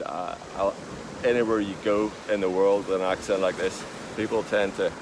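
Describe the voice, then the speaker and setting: An Irish man in a deadpan comic monologue, talking slowly with many drawn-out fillers, recorded outdoors with wind noise behind him. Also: low voice. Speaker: vlogger.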